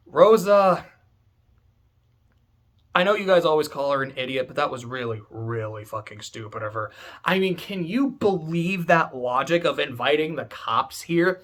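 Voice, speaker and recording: A man's voice: fairly high pitch, expressive, a little slow, pauses often, a bit bright. A man ranting casually about a story, rambling, joking and swearing freely. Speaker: video host. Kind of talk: casual rant.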